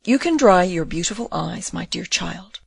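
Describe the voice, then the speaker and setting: Brief: calm, tender condemned young man, read by a woman; storybook audiobook, dry booth. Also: mid-range voice, normal speed, no echo, close to an everyday voice.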